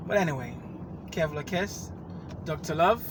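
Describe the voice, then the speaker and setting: A man hosting a casual, unscripted podcast chat, playful and quick to laugh as he riffs. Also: a little high, expressive, very noisy. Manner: playful, laughs often, drawn-out filler mimicry. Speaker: podcast host.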